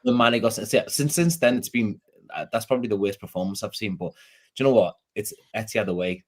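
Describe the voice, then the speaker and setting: A man's voice: on the low side, quick pace. A man with a Scouse accent in a casual football fan chat, rambling, rueful and self-deprecating.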